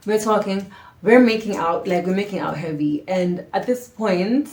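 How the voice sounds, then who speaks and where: A woman vlogger telling a storytime tale to camera in a casual, slangy way, dramatic and animated, dropping into hushed asides. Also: mid-range voice, normal speed. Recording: roomy echo.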